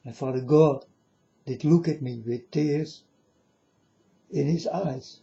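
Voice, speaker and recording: A man giving an earnest, halting religious monologue to camera in non-native phrasing. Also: on the high side, creaky, mellow, muffled recording. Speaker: religious video maker.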